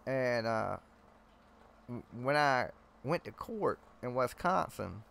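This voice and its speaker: Gravelly man rambling on a live chat. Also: medium pitch, animated, slow, fairly bright tone. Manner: rambling, joking, loose slangy talk. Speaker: live stream host. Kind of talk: casual live chat talking to viewers.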